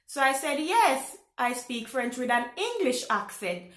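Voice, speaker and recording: A Caribbean woman in her thirties with a Caribbean accent, telling a personal story to camera in a casual, animated way. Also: high-pitched, unhurried, reverberant. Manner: animated, exclaims loudly when retelling reactions. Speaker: vlogger. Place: home in France.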